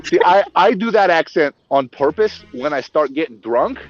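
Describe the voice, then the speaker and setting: A man chatting casually on a voice call, telling jokey stories in an animated way. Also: a little high, normal speed, muffled recording, soft background music. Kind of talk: casual chat over voice call.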